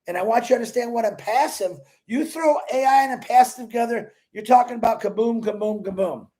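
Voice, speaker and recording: A man hosting a casual live stream, giving an excitable, rambling motivational pitch that bursts into shouts, and greeting his viewers by name. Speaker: livestream host greeting viewers.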